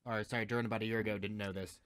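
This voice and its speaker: A young man co-hosting a casual chat show over drinks, talking in an animated way and swearing often. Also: on the low side, very fast, clear, resonant tone, no echo, studio quality. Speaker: co-host.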